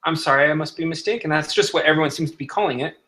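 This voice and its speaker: Male GM voicing a bright, curious young farm woman in a tabletop game, pitched up. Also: very fast. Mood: apologetic. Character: young woman gardener, startled then friendly.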